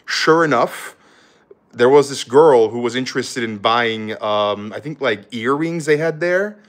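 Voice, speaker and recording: A man's voice: medium pitch, unhurried. Young guy rambling travel story. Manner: rambling, many fillers, quotes people in voices. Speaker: travel vlogger. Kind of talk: casual storytelling. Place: hotel room.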